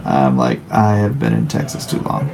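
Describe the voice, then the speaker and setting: A man's voice: on the low side, very animated, moderate pace, vocal fry, darkish tone, a little hiss or hum, poor audio. A man live-streaming while he draws, chatting casually and with a wry tone as he reads chat aloud in his home studio.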